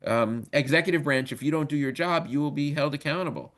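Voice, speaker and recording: A man's voice: a little high, brisk, fairly bright tone. A man in his fifties who has worked as a lawyer, giving a casual, joking training webinar lecture with many ums. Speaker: legal trainer.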